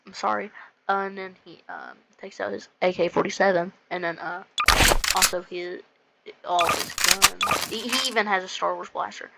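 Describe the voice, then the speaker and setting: A woman at a medium pitch narrates a video game as she plays, rambling and excitable. She keeps restarting her sentences. Heavy noise runs under her voice throughout. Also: normal speed, creaky. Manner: excitable, rambling, repeats "and then". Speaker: gamer reviewing a video game. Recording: loud background noise.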